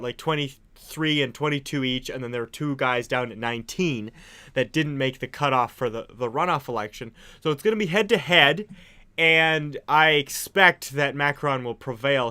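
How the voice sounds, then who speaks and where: A man's voice: medium pitch, moderate pace, bright, forceful tone, clear, resonant tone. A young man co-hosting a casual political chat, talking in a chatty, hedging way and laughing often. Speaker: co-host.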